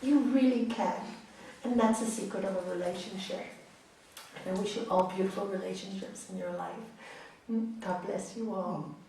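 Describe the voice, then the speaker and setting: A woman's voice: medium pitch, steady tone, moderate pace, mellow, slight background noise. Woman teacher in an echoey hall. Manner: emphatic, repeats phrases, checks in with "hmm?". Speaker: yoga teacher. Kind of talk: spiritual talk answering audience questions. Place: large hall. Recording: echoey hall, mic far off.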